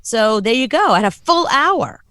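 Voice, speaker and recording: A woman co-hosting a casual podcast chat, animated and quick to laugh. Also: fairly high pitch, dry recording. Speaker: co-host.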